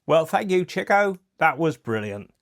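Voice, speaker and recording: A man's voice: on the high side, big pitch swings, a little slow, a bit bright, no echo, studio quality. A man with a Cornish accent hosting a podcast, talking casually and self-deprecatingly. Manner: chatty and self-deprecating, lots of agreeing fillers. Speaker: podcast host.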